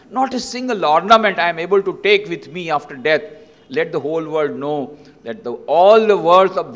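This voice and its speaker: A weary dying emperor, as a man acts him out, speaking low and subdued with solemn, measured phrasing. A long reverb trails off the walls of the lecture hall. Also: natural voice.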